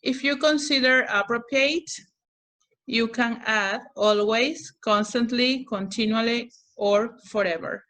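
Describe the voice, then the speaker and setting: Slow-spoken woman teaching an online class. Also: fairly high pitch, fairly bright tone. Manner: patient, calling on students by name. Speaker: English teacher.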